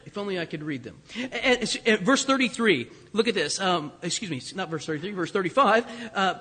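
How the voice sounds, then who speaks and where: Male pastor, high voice, chatty sermon delivery with rhetorical asides, long church reverb. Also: big pitch swings, moderate pace, hardly any pauses, bright, forceful tone, husky. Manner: conversational, asks congregation rhetorical questions, self-correcting. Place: church sanctuary.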